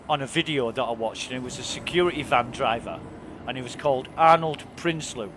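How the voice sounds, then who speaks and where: A man's voice: medium pitch, fairly quick, fairly bright tone, a little hiss or hum. A man chatting casually and enthusiastically while streaming a game, swearing freely. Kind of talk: casual chat while gaming.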